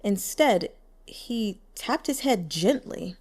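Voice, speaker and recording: Lively, higher-pitched woman narrating a story. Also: moderate pace. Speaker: audiobook narrator. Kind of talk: scripted narration.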